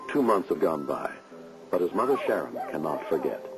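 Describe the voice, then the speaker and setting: Deep fast-talking male narrator. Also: big pitch swings, low-quality recording. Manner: brisk, matter-of-fact. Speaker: show narrator. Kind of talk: scripted documentary narration. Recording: music underneath.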